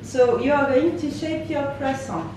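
A woman's voice: high voice, a little slow, echoey room, a loud crowd, poor audio. A woman guiding a group through shaping croissants, patient and instructive. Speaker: baking instructor. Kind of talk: hands-on cooking instruction.

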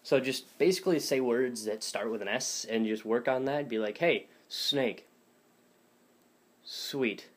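A young man talks through a casual voice tutorial, rambling and self-deprecating with plenty of fillers. His pitch sits right in the middle for a man. It sounds recorded on a phone or webcam at home. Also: normal speed, hardly any pauses, darkish tone. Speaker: voice impressions teacher.

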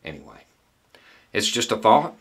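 A middle-aged man giving a solo commentary monologue, blunt and folksy, pressing rhetorical questions between deliberate pauses. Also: on the low side, big pitch swings, breathy edge. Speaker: political commentator.

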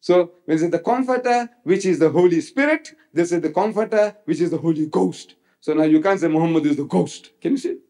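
A man's voice: fairly high pitch, fairly quick, few pauses, dark tone. A man giving a public religious lecture, emphatic, repeating phrases for effect and quoting scripture dramatically. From South Africa.

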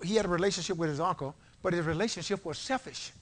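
A man preaching a sermon in a church, leading call-and-response and swinging from low talk to shouted peaks. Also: fast. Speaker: pastor. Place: church sanctuary before a congregation. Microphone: live-streamed service mic.

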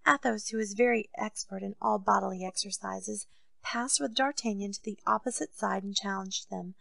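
A woman narrating a classic novel as an audiobook in a steady, unhurried storytelling voice. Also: medium pitch, vocal fry, dry recording.

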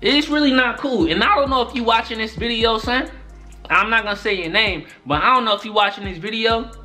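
A young man telling a story-time vlog in an exasperated, profane, animated way. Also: high voice, fairly quick, faint music behind. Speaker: YouTuber.

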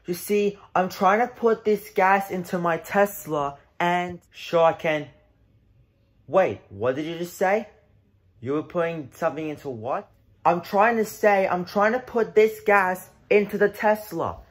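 A man's voice: sits high, a little slow. A young man playing a confused driver in a comedy skit, flustered and whiny, stammering as he talks.

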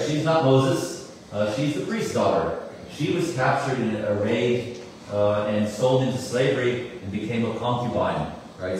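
A man in his forties who tells a story to an audience, animated, with many fillers and asides. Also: mid-range voice. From United States. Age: 40s. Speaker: musician giving a talk. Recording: echoey hall, mic at a distance, faint room noise.

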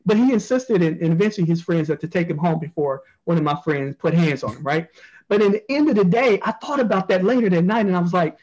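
A man's voice: sits high, fast, darkish tone, highs cut off. An American man, a journalist speaking as a panel guest, earnestly answering and repeating phrases for emphasis. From United States.

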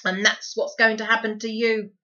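A spiteful middle-aged housekeeper from a storybook, as a woman reader puts her on. She scolds in a loud, sharp, bright voice, hurling insult after insult. The recording sounds dull and lo-fi. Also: on the high side, flat delivery, moderate pace, voice pushed up. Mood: menacing. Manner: harsh, loud, spitting insults.

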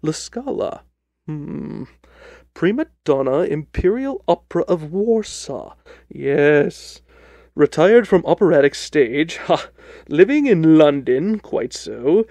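A man's voice: fairly high pitch, very animated, slow pace, warm tone, no echo, heavily acted. A man doing a dry, languid detective. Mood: musing. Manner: dry, clipped, understated. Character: cool, languid male detective. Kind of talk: radio drama reading.

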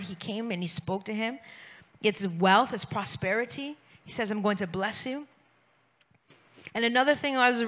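A woman's voice: a little high, sharp tone. A woman preaching a sermon to a congregation, repeating phrases for emphasis and urging the listeners to call back to her. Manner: urges the congregation to respond aloud.

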